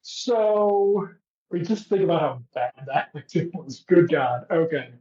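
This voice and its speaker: A man's voice: a little high, expressive, measured pace, warm tone. A man co-hosting a podcast, recapping a show in casual comedic chat with sarcastic, profane riffing. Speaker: podcast co-host. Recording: echoey, dull lo-fi room sound.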